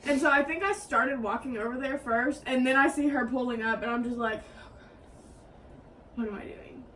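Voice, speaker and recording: A young woman with a drawl tells a story to a friend and slips into quoted voices with a raised pitch. Her voice sits high, and she sounds a little distant from the mic. A faint hiss runs underneath. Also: normal speed, pushed and bright. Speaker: co-host. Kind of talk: casual storytelling.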